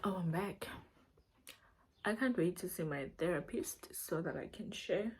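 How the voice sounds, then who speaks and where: Her voice is fairly low, measured in pace and lively in intonation, with a little hiss or hum on the recording. A young South African woman speaking Zulu-accented English as a second language, she shares a confiding storytime vlog while fighting back tears.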